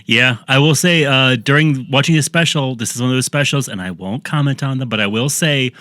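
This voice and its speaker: A man hosts a relaxed podcast chat, his voice bright and forceful. He teases with deadpan, wry quips. The sound is close and dry, with no room around it. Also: mid-range voice, fairly quick, no room sound. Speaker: podcast host. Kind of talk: casual chat.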